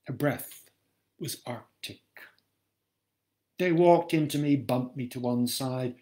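A man reading his own novel aloud in measured first-person storytelling, heard over a video call from home. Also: medium pitch, dark tone.

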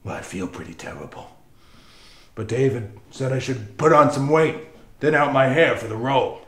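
A man's voice: mid-range voice, lively intonation, moderate pace, close to an everyday voice. A man playing a fame-hungry, screaming actor. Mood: scheming. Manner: swings from muttering to manic screaming. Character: melodramatic young male actor, fame-hungry, shouting. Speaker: actor in a comedy sketch. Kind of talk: scripted sketch comedy. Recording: echoey room.

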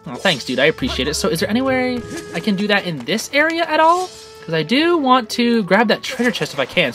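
Rambling gamer doing a playthrough, laughs a lot, super animated. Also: medium pitch, quick pace, faint music behind. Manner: excitable, rambling, laughs often. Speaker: gaming channel host. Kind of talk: let's play commentary.

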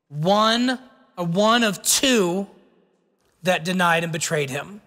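A man preaching a sermon as pastor, earnest and slowing down to stress key words. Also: high-pitched, animated, fairly bright tone. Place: church sanctuary. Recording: long reverb of a church hall.

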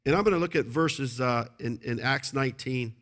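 Bright, emphatic male pastor. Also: mid-range voice, moderate pace. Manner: emphatic, repetitive, calls to the congregation. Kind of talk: sermon.

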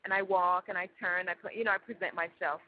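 A woman's voice: lowish voice, fairly even intonation, quick pace, no echo. A woman guest in an interview, telling a vivid story with many fillers. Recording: dull lo-fi audio.

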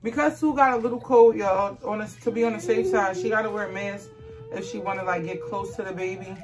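A woman's voice: mid-range voice, fairly even intonation, a little fast. A young woman and mother talking casually to her viewers in a family vlog, chatty and coaxing her child along. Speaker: vlogger and mother.

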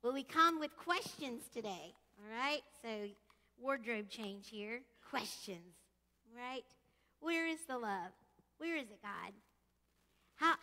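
A woman preaching a casual, chatty sermon in a church sanctuary, leading her congregation through prayer and questions. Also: on the high side. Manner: chatty, animated, leads call-and-response singing. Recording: echoey church hall.

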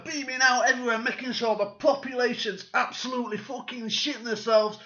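A man's voice: very high-pitched, fairly even intonation, fairly quick, few pauses, bright, forceful tone, reverberant, lo-fi sound. A man delivering a sarcastic, sweary satirical monologue and slipping into mocking voices.

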